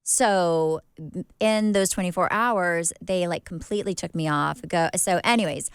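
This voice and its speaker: Low-voiced woman rambling through a story. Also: measured pace, clear, resonant tone, no echo, clean studio sound. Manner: rambling, filler-heavy, restarts with "like" and "um". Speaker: podcast co-host. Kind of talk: casual storytelling chat.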